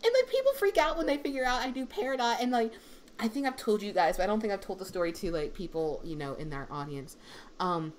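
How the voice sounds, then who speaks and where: A young woman voice actor with a deep voice, chatting casually on a livestream and rambling with many fillers. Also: animated, fast. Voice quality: deep female voice.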